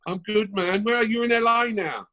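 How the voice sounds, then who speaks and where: A man's voice: high voice, moderate pace, pushed and bright. A man hosting a casual chat over a video call, joking and teasing his guest. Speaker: host.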